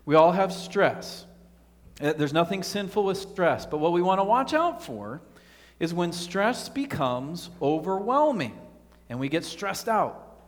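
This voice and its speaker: A man's voice: high-pitched, sing-song, unhurried. Earnest male pastor preaching in a reverberant church. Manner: earnest, asks the congregation rhetorical questions. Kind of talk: sermon.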